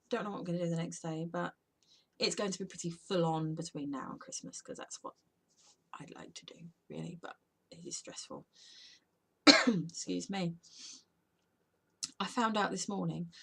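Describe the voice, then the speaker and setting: A woman's voice: fairly low pitch, fairly bright tone, breathy edge. A tired woman, chatting casually to camera in an unscripted home vlog, rambling and sometimes dropping to a whisper. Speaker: vlogger and podcaster.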